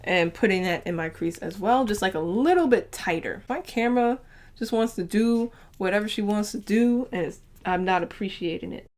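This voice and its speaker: A woman's voice: medium pitch, normal speed. A chatty young woman, talking through a makeup tutorial with frequent fillers and laughs. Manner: chatty, upbeat, laughs often, lots of fillers. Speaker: beauty vlogger.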